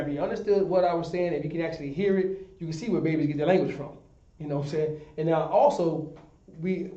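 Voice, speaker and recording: Guy teaching a class, mellow voice kinda high, recorded from far off in a roomy space, muffled lo-fi. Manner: repetitive, checks in with "you understand?". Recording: echoey room, far from the mic, dull lo-fi.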